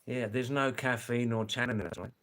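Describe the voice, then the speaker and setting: A man's voice: mid-range voice, steady tone, a little fast, a bit bright. A man with an Australian accent hosting a casual live stream, chatting and reading viewer comments aloud. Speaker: livestream host reading chat.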